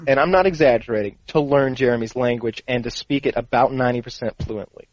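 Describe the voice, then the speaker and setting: A man's voice: mid-range voice, fast talker, dry recording. Casting: man in casual podcast talk, rambling and profane, dry dull recording. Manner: rambling, profane storytelling with quoted asides. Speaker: podcast co-host. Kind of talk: casual chat.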